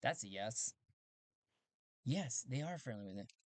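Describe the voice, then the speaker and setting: A man's voice: mid-range voice, expressive, unhurried, no room sound. A man playing a solo tabletop game, narrating as he thinks aloud, correcting himself often and laughing easily.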